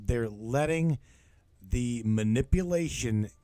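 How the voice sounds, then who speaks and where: A man hosting a casual call-in show at a mid-range pitch. He talks emphatically, curses freely, and his energy swings between low, quiet stretches and sudden excited bursts. Faint music plays softly behind him. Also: slow pace, no room sound. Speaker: host.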